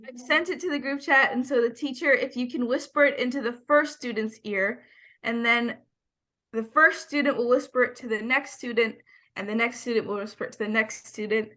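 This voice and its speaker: A woman's voice: a little high, brisk, pushed and bright. A woman teacher giving patient, step-by-step classroom instructions over a video call.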